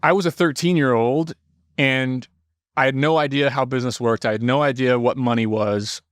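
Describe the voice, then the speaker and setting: Animated man telling a story, dry close sound. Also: medium pitch, normal speed, no room sound. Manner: animated, casual swearing. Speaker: podcast guest. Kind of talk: casual storytelling.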